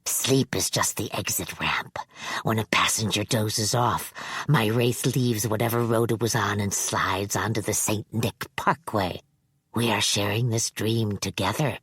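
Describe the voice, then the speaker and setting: A woman's voice: slightly rough, no room sound, heavily acted. Woman voicing a whispering sinister old man. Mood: hushed menace. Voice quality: low hushed half-whisper. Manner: slow, solemn, coaxing. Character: sinister old man who kidnaps children, soft-spoken. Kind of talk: audiobook character voice.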